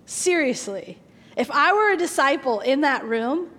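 Lively woman pastor in an echoey hall. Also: high-pitched, a little slow. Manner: animated storytelling, laughs at punchlines. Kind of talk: sermon.

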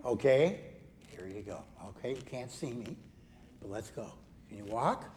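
A man, a pastor, gently leading a children's message during a church service. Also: mid-range voice, animated, normal speed, a little hiss or hum. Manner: gentle, coaxing, talks to children. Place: church sanctuary.

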